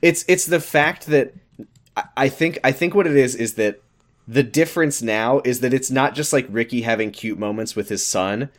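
A man co-hosting a casual podcast, recapping a TV episode in a halting, wry way and acting out the characters' lines. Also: medium pitch. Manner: hesitant, restarts, acts out characters' lines. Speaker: podcast co-host.

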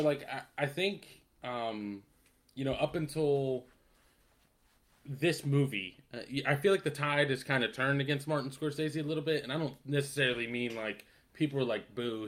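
Dude on a podcast rambling about a movie, laughing a lot, cussing. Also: male voice, mid-range voice, a bit bright. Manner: laughs often, swears, rambling with fillers. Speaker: podcast co-host. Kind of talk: casual film chat.

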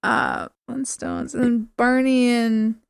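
A woman's voice: a little high, flat delivery, takes it slowly, gravelly, smooth, dry recording. A woman co-hosting a podcast in casual chat, laughing and guessing hesitantly. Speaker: podcast co-host answering quiz.

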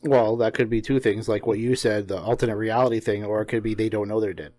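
A man co-hosting a casual chat, reacting in a relaxed way and sharing his own views. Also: fairly low pitch, fast talker, no room sound. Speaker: podcast co-host.

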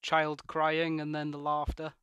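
A man co-hosting a casual podcast, speaking in a measured, slightly hesitant way. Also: on the high side, completely flat delivery, fairly bright tone, smooth, no room sound, muffled recording. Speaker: podcast co-host. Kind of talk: casual chat.

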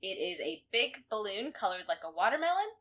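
A woman co-hosting a podcast, recapping episodes in casual chat, animated and quick to laugh. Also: mid-range voice. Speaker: podcast co-host.

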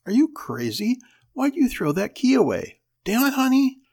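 A man voicing a middle-aged husband, breezy and bluff, who shouts in exasperation. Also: medium pitch, sing-song, normal speed, gravelly, breathy edge, heavily acted. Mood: furious. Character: easygoing husband turning angry, middle-aged.

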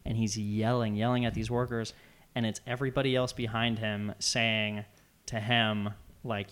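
A young man chatting casually, retelling a story with animated, loud acted-out quotes. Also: fairly low pitch, normal speed, clear, resonant tone. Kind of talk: casual chat.

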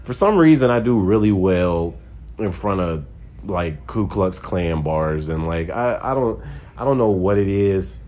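Comedian guy, real low voice, rambling and cursing, lots of "like". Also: expressive, measured pace, darkish tone. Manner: loose, rambling and profane, heavy on "like". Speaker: stand-up comedian. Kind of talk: casual storytelling.

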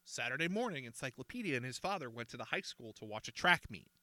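A man reading a children's mystery storybook aloud with an expressive manner. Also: medium pitch, quick pace, no room sound. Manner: expressive, animated.

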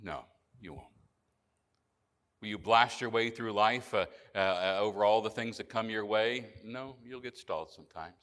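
A male pastor preaching a sermon in an earnest manner, often dropping to a soft, low voice for emphasis. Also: moderate pace. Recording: church hall reverb.

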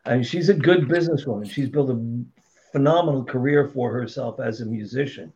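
Guesting on a podcast, a middle-aged man tells his career stories bluntly and profanely, with plenty of animation. His pitch sits in the middle and he talks fairly quickly, all casual, on a dull lo-fi recording.

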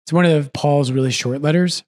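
A man who is a priest and podcast host, chatting casually and with animation, often breaking off to correct himself. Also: fairly high pitch. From United States. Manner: animated, quick asides, self-correcting.

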